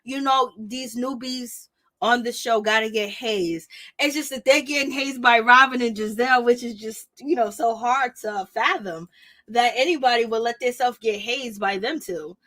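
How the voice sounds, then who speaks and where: Sassy high-voiced woman gossiping. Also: normal speed, pushed and bright. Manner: blunt, sassy, trash-talking with laughs. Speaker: YouTube commentator. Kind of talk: casual reality TV gossip commentary.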